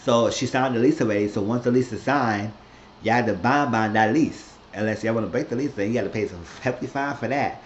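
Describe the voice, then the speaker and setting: A man's voice: mid-range voice, fairly quick, slight background noise. Man rambling through a lo-fi show recap. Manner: loose, rambling retelling with frequent restarts. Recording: roomy, dull lo-fi recording.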